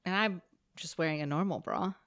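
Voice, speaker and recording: A woman's voice: on the low side, fairly bright tone, dry recording. Wry woman podcast co-host, dry sound. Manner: quick, wry banter. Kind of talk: casual chat.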